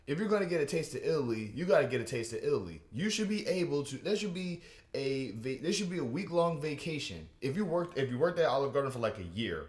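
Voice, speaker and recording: A man doing a rambling, animated stand-up comedy rant, with many restarts and asides. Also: mid-range voice, quick pace, roomy sound.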